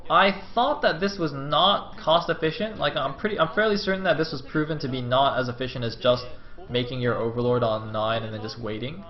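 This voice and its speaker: A man's voice: mid-range voice, fairly quick. A young man casting a video game on his own stream, chatting and rambling with lots of fillers. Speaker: game caster. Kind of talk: solo esports commentary on stream. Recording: slightly dull lo-fi stream audio with faint music.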